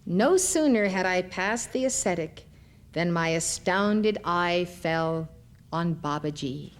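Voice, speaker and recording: A man's voice: sits high, animated, slow, clear, resonant tone, full character voice. A woman voicing a devout male disciple who speaks in a reverent, reflective way. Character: devout male disciple recalling a holy encounter.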